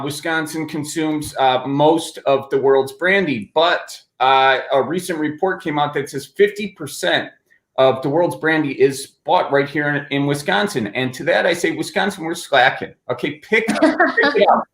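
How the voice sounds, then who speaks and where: A man's voice: on the high side, roomy sound. A man chatting and joking on a video call from home, rambling playfully. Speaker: guest. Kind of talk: joking casual chat.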